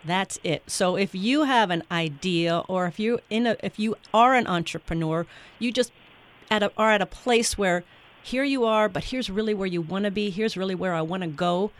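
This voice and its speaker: A woman hosting an interview, enthusiastic and repeating her phrases as she asks quick follow-up questions. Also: medium pitch. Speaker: podcast host.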